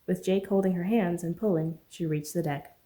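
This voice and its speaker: Mellow-voiced woman reading her novel. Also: on the low side, normal speed. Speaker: author reading own novel. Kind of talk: audiobook narration.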